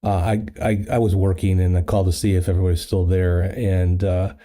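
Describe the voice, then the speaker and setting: A man's voice: deep voice, little pitch movement, brisk, mellow. A man hosting a casual livestream chat, rambling with many fillers and restarts into a studio microphone. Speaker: livestream host.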